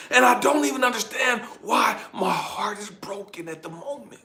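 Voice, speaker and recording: Dramatic high-voiced man, whispers to shouts. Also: lively intonation, moderate pace, hardly any pauses. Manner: dramatic, swings between hushed whispers and shouted outbursts; addresses the viewer directly, urging them to stay with him. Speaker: spiritual channel host. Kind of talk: emotional personal testimony.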